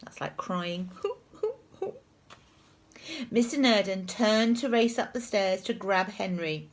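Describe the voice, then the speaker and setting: A woman reading a picture book aloud to children, expressive and sometimes dropping to a hush. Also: mid-range voice, a little slow. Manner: expressive, hushed in places.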